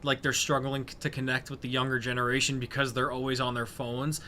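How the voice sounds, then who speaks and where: A man's voice: mid-range voice, level tone, fast, sharp tone, slight background noise. A man co-hosting a casual sports podcast, bringing up news items and cracking jokes. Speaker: podcast co-host.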